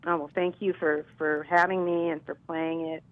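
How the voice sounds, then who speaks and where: A woman from Milwaukee, a singer guesting on a radio interview, telling stories in a lively, chatty way. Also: low voice, moderate pace, narrow, tinny audio. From Milwaukee, US Midwest.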